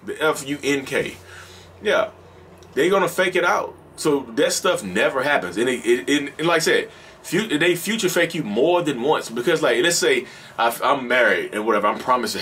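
A man's voice: medium pitch, expressive, normal speed, fairly bright tone, a little hiss or hum. A man with a Southern accent hosting a solo podcast, talking casually and emphatically, often repeating and restarting his phrases. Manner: repetitive, emphatic, restarts sentences, acts out quoted lines. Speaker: podcast host.

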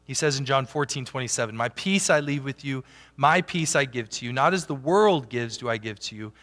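A man preaching a sermon as a pastor, animated, swinging from loud emphatic peaks down to quiet asides. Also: medium pitch, brisk. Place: church sanctuary. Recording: long church hall reverb.

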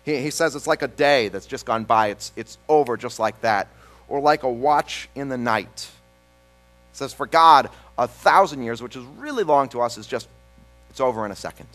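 A man pastor reading a psalm aloud and then preaching a sermon, slowing down and pausing for emphasis. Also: mid-range voice, animated, a bit bright, soft background music, poor audio. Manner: reads scripture then preaches with slow, emphatic pauses.

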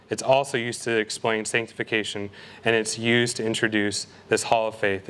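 A young man preaching a sermon as a guest speaker at a college ministry, earnest and emphatic, slowing down to read scripture aloud. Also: medium pitch, fairly bright tone, slight background noise.

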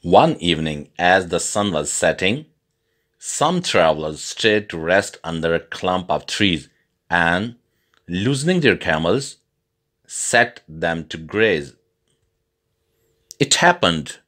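Slow, deep-voiced male narrator. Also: a bit bright. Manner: slow, deliberate. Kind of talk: scripted story narration for English learners.

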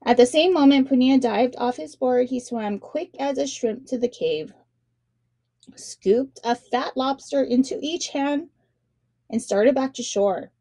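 A woman reading a children's picture book aloud as narrator, with expressive, dramatic emphasis. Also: high voice, a little slow, creaky, no room sound.

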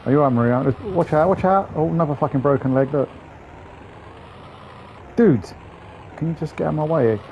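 A man's voice: a little high, brisk, creaky, long pauses, lo-fi sound. A man hosting a gaming channel, giving chatty, profane, grumbling let's-play commentary. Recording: game engine noise behind voice.

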